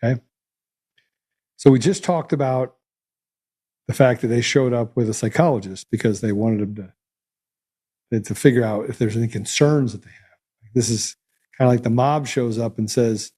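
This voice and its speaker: A man's voice: medium pitch, moderate pace, long pauses, mellow. A man hosting a podcast, commenting in a blunt, heated, sarcastic way. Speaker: podcast host. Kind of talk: casual commentary.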